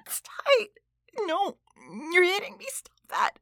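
A woman's voice: very high voice, lively intonation, a little slow, fairly bright tone, no echo, studio quality, heavily acted. A woman voicing a proud, defiant female boss and mother in an adult audio role-play, talking breathily and dropping into whispers. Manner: breathy, moaning, sudden whispers.

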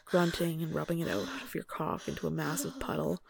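Gravelly hushed young woman. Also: deep voice, steady tone, a crowd in the background. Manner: soft, hushed delivery that often drops to a whisper; chatty and halting with fillers when speaking off-script. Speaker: audio story narrator. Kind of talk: intimate first-person narration.

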